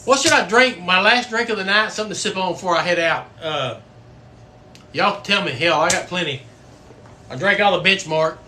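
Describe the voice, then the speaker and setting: A man's voice: sits high, normal speed, crowd noise. A middle-aged man hosting a casual livestream, folksy and swearing freely. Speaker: livestream host; coach.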